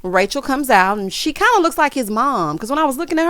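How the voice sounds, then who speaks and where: A woman recapping a reality show in casual, sassy commentary, calling viewers honey and child and breaking into loud, high laughs. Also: fast talker, dry recording. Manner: sassy, animated, side-eye asides.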